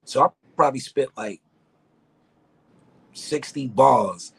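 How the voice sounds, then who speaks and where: A man's voice: mid-range voice, slow, vocal fry, slightly rough, no room sound. A middle-aged man from Harlem, a guest rapper telling a laid-back, profane story. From Harlem, New York. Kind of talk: casual storytelling.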